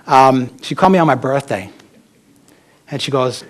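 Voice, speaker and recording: A man's voice: medium pitch, lively intonation, moderate pace. A middle-aged American man giving a talk as an author, telling personal stories in a candid, rambling way with asides.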